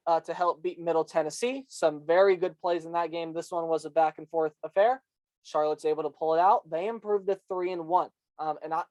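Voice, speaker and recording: A man's voice: a little high, darkish tone, no room sound. A man hosting a casual sports recap, congested, rambling with many ums and likes. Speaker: host.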